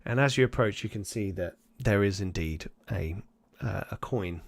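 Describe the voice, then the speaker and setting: A man's voice: on the low side, normal speed, gravelly, a crowd in the background. A man running a tabletop game as game master, narrating loosely and acting out side characters as he goes.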